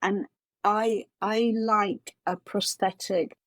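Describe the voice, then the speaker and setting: A woman's voice: medium pitch, steady tone, slow, no room sound. A middle-aged woman, a makeup designer, answering interview questions with earnest storytelling and frequent restarts.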